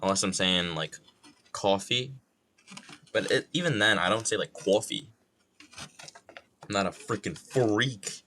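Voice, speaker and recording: A man's voice: on the low side, animated, fairly quick, few pauses, sharp tone, a little hiss or hum. A man from New York streaming live, rambling casually in a self-mocking, loosely profane way with a plain, neutral accent.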